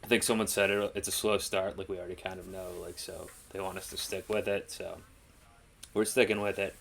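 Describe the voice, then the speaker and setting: A man's voice: low voice, little pitch movement, a little fast, gravelly, fairly bright tone. A man co-hosting a reaction show, chatting casually in a rambling, laid-back way with lots of fillers. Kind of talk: casual chat.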